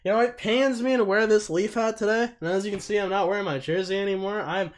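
A young man with a fairly high voice co-hosts a casual sports chat. He rants in bursts and swears constantly, getting louder as he heats up. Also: fast talker. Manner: ranting, heavy swearing, excitable. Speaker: podcast co-host.

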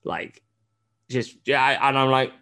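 A man, a podcast host telling a game's story in casual chat, animated and full of swearing and restarts. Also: medium pitch, measured pace, vocal fry.

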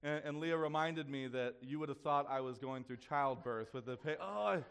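A man's voice: mid-range voice, normal speed, gravelly, fairly bright tone, clean tone. A man in his thirties preaching as pastor, conversational and self-deprecating with playful humor, acting out the voices of people he quotes. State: runny nose. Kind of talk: sermon.

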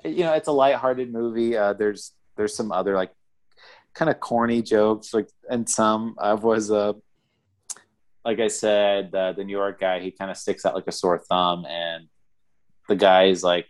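A podcast co-host with a lowish, steady voice chats casually about a film at a normal speed. His movie review rambles, full of fillers and restarts.

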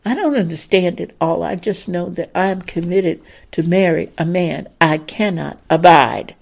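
A woman's voice: fairly low pitch, moderate pace, gravelly. A woman voicing a spirited, emotional young plantation-owner's daughter in a period story. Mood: distressed. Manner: emotional and pleading, lively.

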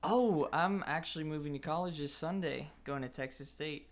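A man's voice: fairly high pitch, moderate pace. Hesitant eighteen-year-old guy. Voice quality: mumbling, hesitant, many fillers. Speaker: guest, aspiring voice actor. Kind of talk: casual chat.

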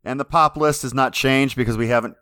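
A man's voice: medium pitch, brisk, pushed and bright, clean tone, no room sound, clean studio sound. A man co-hosting a casual podcast about wrestling over a remote call. He talks in an easygoing, hesitant way and often stops to restart his sentences. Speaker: podcast co-host.

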